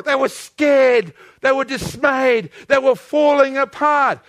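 A male pastor preaching a sermon with passion, rising to shouts and dropping to quiet pleas, calling on the congregation to repeat after him. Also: very high-pitched, expressive, slow, few pauses. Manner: calls on the congregation to repeat lines.

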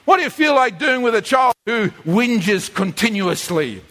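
A man preaching a sermon, animated, acting out voices as he tells the story. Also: very high voice, moderate pace, hardly any pauses, long reverb tail. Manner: animated, acts out quoted voices like a whining child. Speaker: pastor.

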